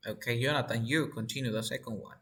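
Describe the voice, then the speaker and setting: A male teacher runs an online English class, patiently and steadily drilling students by repeating each word aloud so they can hear where the stress falls. He speaks fast in an ordinary middle-pitched voice.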